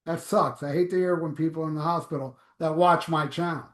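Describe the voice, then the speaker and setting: A man's voice: fairly high pitch, fairly even intonation, a little fast, echoey room. A man hosting a live stream, reading viewer comments aloud in a blunt, offhand, profane way. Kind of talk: casual live chat.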